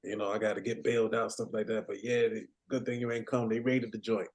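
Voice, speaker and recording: Man, casual chat, low voice, laid-back, laughs a lot. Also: level tone, fast talker, a little mellow. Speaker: podcast co-host.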